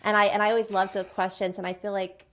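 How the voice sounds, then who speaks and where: Woman cohost on a book podcast, giggly and gushy, reads bits out loud, normal pitch. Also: level tone, quick pace. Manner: giggly, gushing, reads passages aloud. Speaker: podcast co-host. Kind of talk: casual book chat.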